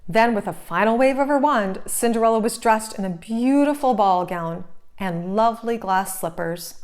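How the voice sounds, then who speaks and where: A woman narrating a children's storybook aloud, clear, gentle and expressive. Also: a little high, normal speed.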